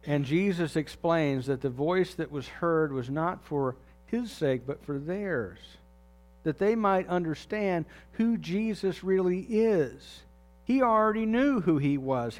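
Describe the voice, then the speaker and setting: A man's voice: a little high, lively intonation, a little slow, darkish tone. A man preaching a sermon as pastor, talking earnestly and putting direct questions to his congregation.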